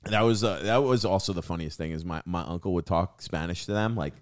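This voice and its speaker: Deep-voiced young man telling a profane story. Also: a little fast, no echo, clean studio sound. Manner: profane, says "dude" constantly. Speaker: guest comedian. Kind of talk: casual podcast storytelling.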